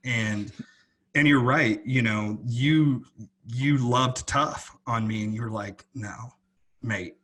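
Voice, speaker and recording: A man's voice: mid-range voice, slow pace, fairly bright tone, a little hiss or hum. A man co-hosting a podcast, talking earnestly in a casual, rambling way with many restarts. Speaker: podcast co-host. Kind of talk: casual chat.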